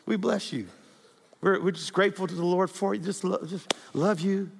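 A middle-aged man preaching a sermon as a pastor, animated and exhorting his congregation, telling stories and calling out to the crowd. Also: high-pitched, a little fast, creaky, breathy edge. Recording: reverberant hall.

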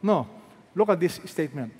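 A man with a Filipino accent preaches as a pastor in a large church hall, his high-pitched voice moving at normal speed with lively intonation. He's emphatic, repeating phrases and firing rhetorical questions at the congregation. The hall gives the recording a long reverb.

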